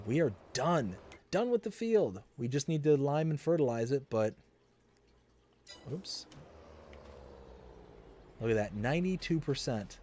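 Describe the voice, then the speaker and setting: A man chats casually while streaming a farming game, reading viewer messages aloud and drifting into stories. His voice is mellow and relaxed at an ordinary pitch. A faint hiss of noise sits under the recording. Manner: chatty, rambling, reads chat aloud, laughs often. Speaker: livestream host playing a farming game. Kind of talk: casual livestream chat.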